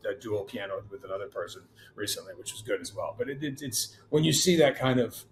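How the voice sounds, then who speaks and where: A man's voice: fairly low pitch, expressive, brisk, heavy background noise. A man as a guest in a casual interview, talking in a rambling, enthusiastic way with many restarts.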